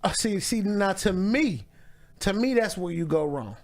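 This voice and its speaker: Male podcast host, lively swinging pitch, casual profane banter. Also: measured pace. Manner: animated, joking, profane banter. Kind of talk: casual chat.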